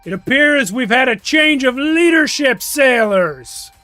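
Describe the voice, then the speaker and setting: A man voicing a seasoned older female pirate first mate who makes loud, commanding announcements. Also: low-pitched, fairly even intonation, slow pace, soft background music.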